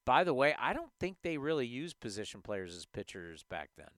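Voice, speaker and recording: A man hosting a sports talk show, ranting emphatically in a lively, animated way. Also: mid-range voice, brisk, no room sound. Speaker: host.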